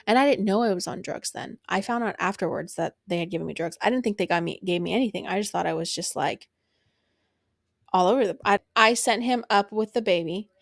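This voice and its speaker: A woman's voice: mid-range voice, fairly quick, creaky, dry recording, studio quality. A young woman hosting a podcast, telling a personal story in a casual, blunt and profane way, laughing along as she goes. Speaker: podcast host.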